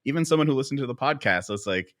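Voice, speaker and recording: A man co-hosting a podcast, chatting casually and telling rambling, animated stories with lots of fillers. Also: medium pitch, quick pace. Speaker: podcast co-host. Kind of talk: casual panel chat.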